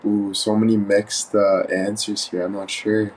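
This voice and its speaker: A man's voice: on the low side, unhurried, a little hiss or hum, poor audio. A man chatting casually with viewers on a live stream, asking what to wear and what song to play. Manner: relaxed, chatty, addresses viewers as guys. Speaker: livestreamer.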